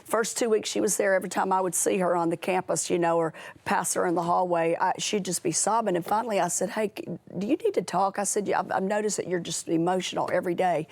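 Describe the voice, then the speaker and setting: A woman with a low-set, gravelly voice tells an earnest story as a guest on a faith talk show. She slips into the voices of the people she quotes as she goes. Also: steady tone, quick pace. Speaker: ministry founder and author, guest. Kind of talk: testimony on a Christian talk show.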